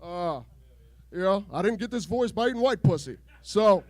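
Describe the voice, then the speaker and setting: A man with an unusually high, light voice performs crude stand-up, rambling and restarting his sentences. The sound is close and dry, with almost no room echo. He does his set at a home garage show before a live crowd. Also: lively intonation, moderate pace, darkish tone. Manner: crude, rambling jokes with repeated false starts. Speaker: stand-up comedian.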